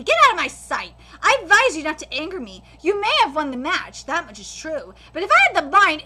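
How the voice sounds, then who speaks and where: A stern older clan patriarch, cold and haughty, voiced by a woman reading a manga aloud. The voice stays high and very bright while it delivers each threat with quiet contempt. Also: heavily acted.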